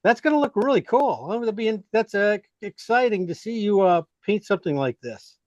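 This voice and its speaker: A man's voice: high-pitched, expressive, moderate pace, darkish tone, no echo, muffled recording. A man teaching an online painting class, giving rambling, encouraging feedback full of fillers.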